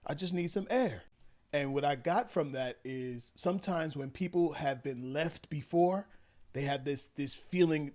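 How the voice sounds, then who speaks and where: A man giving relationship advice to viewers, retelling a story animatedly and acting out the quotes. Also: mid-range voice. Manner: animated, acts out quotes, addresses viewers as y'all. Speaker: relationship coach. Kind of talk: commentary vlog.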